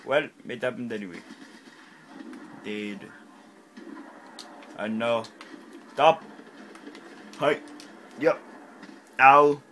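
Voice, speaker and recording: A man giving casual gameplay commentary in an excitable, self-mocking way, reacting quickly to what happens on screen. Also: medium pitch, slight background noise. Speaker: gaming channel host.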